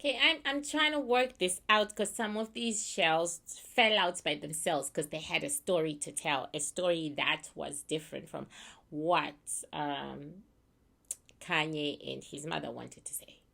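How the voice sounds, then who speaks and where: A woman's voice: deep voice, a little slow, creaky, sharp tone. A woman giving a casual spiritual reading to camera, talking bluntly and irreverently with laughing asides. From Canada. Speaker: psychic reader.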